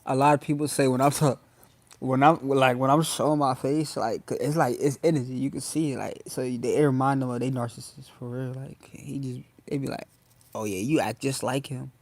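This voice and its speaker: A man's voice: mid-range voice, steady tone, normal speed, dry recording. A young man hosting a casual phone livestream, talking loosely in slang and addressing his viewers again and again. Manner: loose slangy talk, addresses chat often. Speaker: livestream host.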